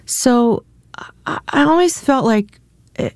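A woman's voice: fairly high pitch, lively intonation, slow, darkish tone, dry recording, clean studio sound. An American woman in her fifties, a singer-songwriter guest, talking candidly and reflectively in a radio interview and laughing often. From United States. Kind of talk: relaxed radio interview conversation.

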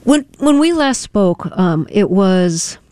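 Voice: mid-range voice, sing-song, slow, darkish tone, clear, resonant tone, dry recording, clean studio sound. Curious radio interview host, clean voice. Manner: curious and engaged, with stops and restarts in questions. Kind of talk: radio interview and scripted introductions.

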